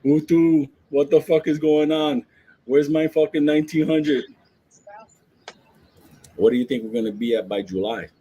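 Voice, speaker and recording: A man's voice: fairly high pitch, normal speed, long pauses, dark tone, a little hiss or hum, low-quality recording. A man, ranting about the stock market to his viewers in a brash, profane, joking way, laughing often.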